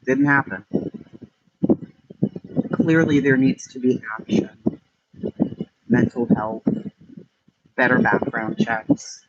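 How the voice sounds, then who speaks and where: A man's voice: medium pitch, takes it slowly, gravelly, long pauses. A man, an online streamer, ranting in blunt, profane, emphatic commentary. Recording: muffled with steady background noise.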